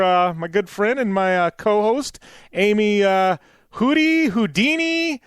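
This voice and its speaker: A man's voice: high-pitched, expressive, unhurried, clear, resonant tone, no room sound, clean studio sound. A man hosting a radio show in casual chat, hesitant and full of "uh"s. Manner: hesitant, many "uh"s, laughs easily. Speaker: radio host.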